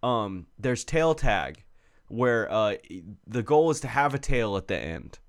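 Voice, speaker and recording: A man casually chatting about a video game, swearing freely and breaking into loud mock rants. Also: mid-range voice, takes it slowly. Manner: profane, animated, bursts into loud mock rants. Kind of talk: casual gaming chat.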